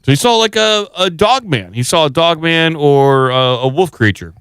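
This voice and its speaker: A man's voice: fairly high pitch, expressive, moderate pace, a bit bright, clear, resonant tone, no room sound. A man co-hosting a casual podcast, reading articles aloud and mimicking quotes with a playful accent. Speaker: podcast co-host.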